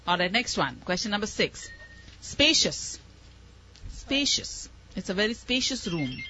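Woman quizmaster for a spelling game; lively, patient, encouraging; dull lo-fi recording. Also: mid-range voice, a little fast, slight background noise. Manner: encouraging, explains words patiently. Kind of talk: running a live spelling contest. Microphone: microphone. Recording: muffled lo-fi recording.

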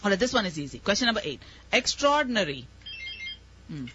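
Woman, spelling bee quizmaster, very animated pitch, patient explainer, muffled lo-fi sound. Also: rapid-fire. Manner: encouraging, explains words patiently. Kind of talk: running a live spelling contest. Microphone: microphone. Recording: muffled lo-fi recording.

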